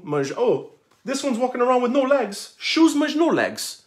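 A man's voice: very high voice, sing-song, measured pace. A man reading a children's picture book aloud on a live stream, joking between the pages and slipping in words. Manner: playful, jokey asides, slips into Portuguese words.

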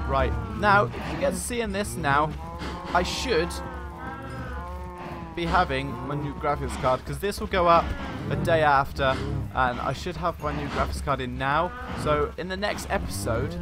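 A man hosting a casual let's-play, talking in a chatty, rambling way on a boom-arm desk mic at home. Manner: chatty and rambling, with many "like" fillers. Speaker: gaming channel host.

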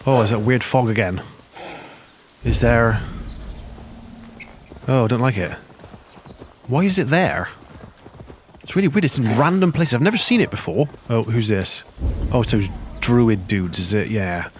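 Unhurried and pausing often, a man narrates a casual let's play in an animated, chatty way. He mumbles to himself between abrupt, high-pitched exclamations of surprise, and there's a little hiss or hum in the background.

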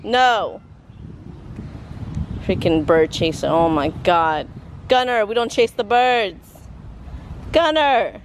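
A woman vlogging her family life in an animated, excitable way, switching between English and Spanish. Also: mid-range voice, takes it slowly, long pauses, a little hiss or hum. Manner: animated, excitable, bursts into yelps and laughs. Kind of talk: casual family vlog chat.

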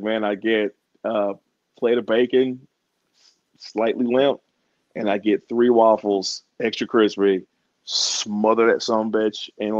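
A man's voice: fairly low pitch, dry recording, lo-fi sound. A man being interviewed as a wrestler, talking in a laid-back, slangy way and laughing often. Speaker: wrestler guest. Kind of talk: casual interview chat.

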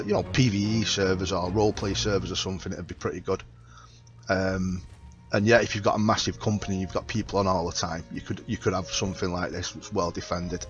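A man's voice: sits low, muffled recording. A man giving a casual, rambling tour of his game build, full of likes and you-knows. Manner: rambling, filler-heavy, relaxed. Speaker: game video creator.

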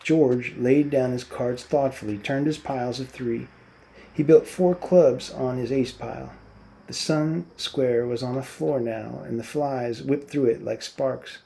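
A man, a teacher, narrating a novel aloud in a steady, unhurried storytelling manner. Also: mid-range voice, creaky.

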